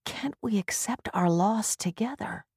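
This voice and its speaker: A woman reading a story aloud, voicing a tender, patient husband who speaks softly and quietly. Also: medium pitch, expressive, measured pace, breathy edge, no room sound, clean studio sound, voice pushed up, exaggerated voice. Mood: gentle. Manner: soft and quiet.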